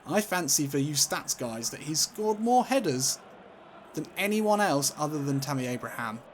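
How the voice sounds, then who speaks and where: Excitable gaming commentator, man. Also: fairly high pitch, normal speed, slight background noise. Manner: swears casually, gets loud and excited on goals. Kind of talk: let's-play commentary with match calling.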